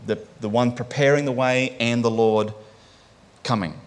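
A man's voice: medium pitch, steady tone, unhurried. A man preaching a sermon in a conversational way, often checking in with "right?" and restarting his phrases.

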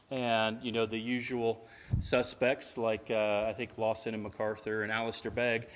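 A man's voice: medium pitch, fairly bright tone. Earnest preaching man. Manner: earnest, builds with rhetorical questions. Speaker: pastor. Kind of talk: scripture reading and sermon. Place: church service.

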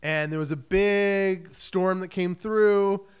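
A pastor from Michigan giving a sermon in a conversational way, acting out quoted voices and often saying "like" and "right?". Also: male voice, high-pitched, steady tone, slow, clear, resonant tone.

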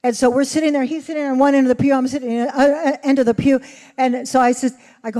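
A woman's voice: high voice, quick pace. A woman preacher giving a testimony in sermon style, acting out the voices of the people in her story. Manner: animated, acts out dialogue. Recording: reverberant hall.

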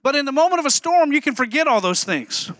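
A pastor preaches with a notably high, ringing voice that stays bright and pointed. He keeps his sermon loose and funny, throwing in quick jokes to the congregation. The sound is dry and close, with almost no room around it. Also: no room sound. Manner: humorous, animated preaching with asides to the congregation.

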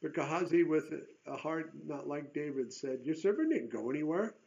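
A man's voice: fairly high pitch, lively intonation, normal speed, gravelly, darkish tone, muffled recording. A man preaching through a Bible passage, reading verses and breaking in with casual, joking asides. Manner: reads scripture then adds casual, joking asides. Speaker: pastor.

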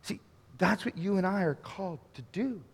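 A man preaching a sermon, telling a story dramatically and swinging from near-shouts to hushed murmurs. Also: sits high, moderate pace, creaky, breathy edge, big-room sound. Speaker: pastor.

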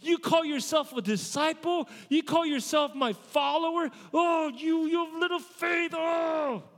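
A man putting on a raging, shouting master. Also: very high-pitched, measured pace, big-room sound, pitched above the performer's own voice. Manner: shouting, ranting. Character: furious scolding master berating a failed disciple.

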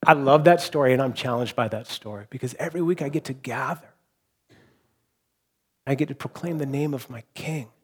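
A man preaching a sermon as pastor, earnest, rising to impassioned repeated phrases and dropping to quiet reflection. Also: mid-range voice, a little fast, husky. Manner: drops to quiet, soft delivery for reflective points.

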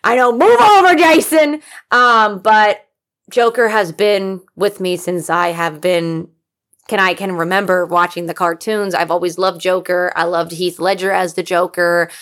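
A woman co-hosting a casual chat, excitable and swearing freely. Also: on the low side, unhurried. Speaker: podcast co-host.

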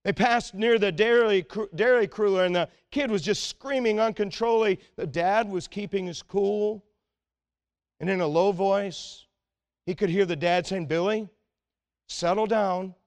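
Male pastor, fairly high voice, earnest sermon delivery that sinks to quiet urgency. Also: moderate pace, smooth. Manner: earnest and exhorting, often dropping to a quiet, intense tone.

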